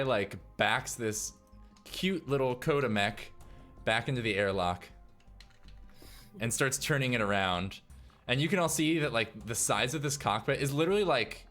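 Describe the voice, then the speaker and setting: A man's voice: mid-range voice, expressive, moderate pace, fairly bright tone, soft background music. A man narrating as game master of a sci-fi tabletop game, casual and full of fillers and sound effects.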